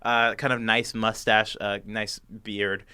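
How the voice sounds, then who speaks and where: A man's voice: lowish voice, flat delivery, takes it slowly, bright, forceful tone, clear, resonant tone, no room sound. A man narrating as game master of a tabletop game in a loose, hesitant way full of fillers.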